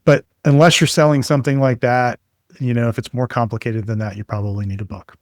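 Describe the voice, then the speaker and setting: A man's voice: mid-range voice, a little fast, no echo. Man telling stories, dry close sound. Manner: relaxed anecdotal storyteller with frequent fillers. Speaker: guest expert. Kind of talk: conversational storytelling interview.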